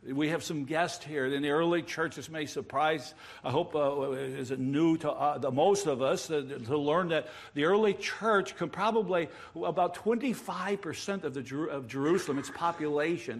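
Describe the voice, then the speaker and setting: A pastor preaching a sermon, explaining a passage earnestly with emphatic rises and wordplay. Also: male voice, fairly high pitch, moderate pace, few pauses. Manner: self-described wordsmith, plays with words.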